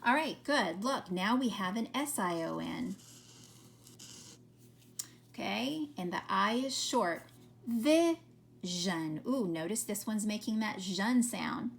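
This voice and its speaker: A woman teacher leading a children's phonics lesson, slowly sounding out words and counting syllables. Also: medium pitch, lively intonation, creaky, a bit bright. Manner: slow, carefully sounding out words.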